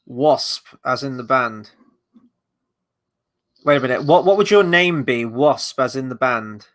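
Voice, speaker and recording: A man's voice: medium pitch, animated, unhurried, a bit bright. A man hosting a live movie watchalong, rambling casually, swearing, and answering chat questions. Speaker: host.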